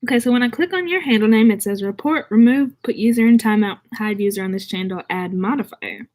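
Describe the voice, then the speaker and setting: A woman's voice: on the high side, brisk, darkish tone. A young woman from the southern United States without a Southern accent, chatting casually and bubbly on a livestream as she reads viewer comments. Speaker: vlogger.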